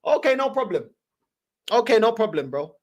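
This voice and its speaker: A woman's voice: fairly high pitch, very animated, moderate pace. A woman hosting a fan channel, ranting heatedly in slangy, repetitive reaction commentary.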